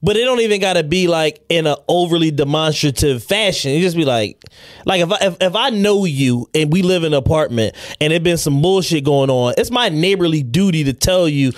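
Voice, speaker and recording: A man's voice: a little high, animated, a little fast, dry recording. A young man, a podcast co-host, chatting casually with laid-back, dry quips. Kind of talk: casual chat.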